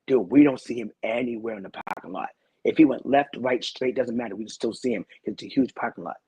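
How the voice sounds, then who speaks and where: Husky-voiced man telling an earnest story. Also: mid-range voice, a little fast, mellow, dry recording, rough recording. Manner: rambling, repeats phrases, earnest and intense. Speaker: guest. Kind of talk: telling a personal story in a talk-show interview.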